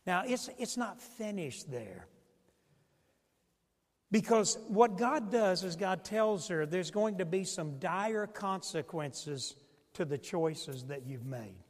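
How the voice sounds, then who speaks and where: A male pastor preaching a sermon in a church, swinging from hushed tones to shouting. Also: high voice, lively intonation, slow pace, big-room sound. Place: church sanctuary.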